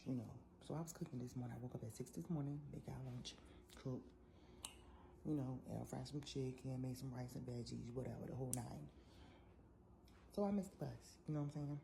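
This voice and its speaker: A young woman, telling an animated, sassy story in a casual vlog. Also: a bass voice, fast talker, vocal fry, noisy background. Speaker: vlogger.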